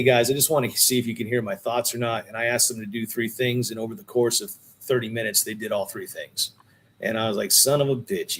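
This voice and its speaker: A middle-aged man, a guest on a podcast, telling a long story in a casual, animated way and often calling people "dude.". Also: medium pitch.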